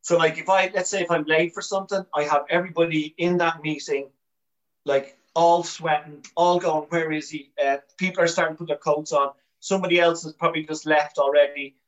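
Irish man, podcast guest, higher-pitched voice, lively swearing storyteller, dull lo-fi recording. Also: a little fast. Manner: animated storyteller, swears freely, restarts often. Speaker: guest comedian. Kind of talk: candid podcast chat.

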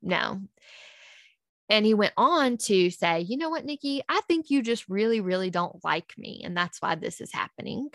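A woman's voice: mid-range voice, lively intonation, moderate pace, fairly bright tone, no echo, studio quality. A woman, a podcast guest, earnestly recounting a personal story and acting out past conversations in quotes.

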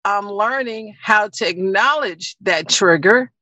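A woman on a group video call, talking about her own growth in a reflective, measured way. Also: medium pitch, lively intonation, sharp tone, dry recording. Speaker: call participant. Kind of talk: casual group chat.

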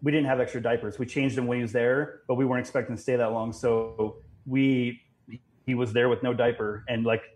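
Halting young man chatting casually. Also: mid-range voice, steady tone, a little mellow. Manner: halting, full of fillers and restarts. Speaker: guest. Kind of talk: casual podcast chat.

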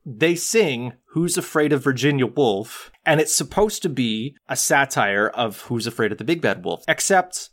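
A man's voice: medium pitch, expressive, moderate pace, fairly bright tone. A man co-hosting a podcast in casual chat, explaining film history at length. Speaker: podcast co-host.

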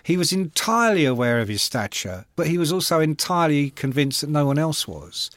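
A man's voice: fairly high pitch, brisk, no echo. A middle-aged man, a music journalist, telling rock anecdotes with swearing in a casual podcast chat. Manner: swearing, animated anecdote teller.

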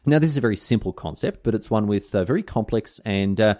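A man's voice: on the low side, animated, quick pace, dark tone. An Australian man hosting a casual history podcast, explaining in a chatty way with mock-outraged asides and mild swearing.

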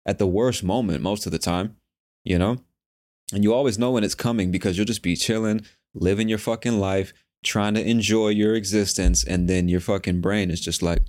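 A young man hosting a casual solo podcast, talking in a profane, animated, slangy way. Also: lowish voice, moderate pace. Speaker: podcast host.

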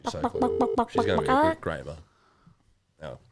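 A man's voice: very high-pitched, huge pitch swings, moderate pace. A man hosting a podcast, chatting casually with swearing, joking banter. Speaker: podcast host. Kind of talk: casual chat.

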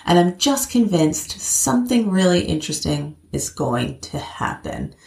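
A middle-aged American woman speaks as a podcast guest in a chatty, animated way, often laughing. Her voice sits low with a gravelly fry. The recording has a noticeable roomy echo. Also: unhurried. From United States. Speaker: guest, actor. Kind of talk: casual interview chat.

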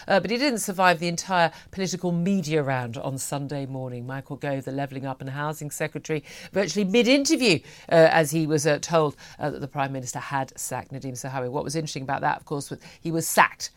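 A woman's voice: sits low, fast talker, hardly any pauses. A woman hosting a morning radio talk show, chatty and opinionated, with many fillers. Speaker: radio host.

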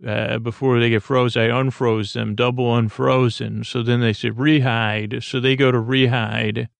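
Gravelly man rambling through a recap. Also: mid-range voice, little pitch movement, no room sound. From United States. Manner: halting, full of fillers and restarts. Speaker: podcast host.

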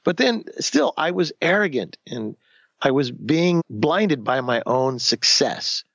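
A man in his fifties telling his own story in a candid interview, animated, acting out the voices of the people he quotes, often restarting sentences. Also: on the high side, takes it slowly, creaky, no room sound, dull audio. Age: 50s.

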